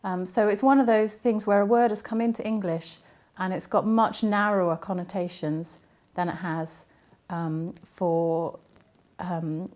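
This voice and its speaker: Softly low-pitched woman linguist explaining. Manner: measured, explaining with frequent ums. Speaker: linguist and university academic. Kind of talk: explanatory interview answers.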